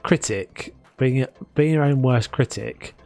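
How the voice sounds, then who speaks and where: South London bloke, slightly low voice, rambling self-mocking gameplay chatter. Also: male voice, lively intonation, moderate pace, a little mellow. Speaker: gaming streamer. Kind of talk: casual gameplay commentary.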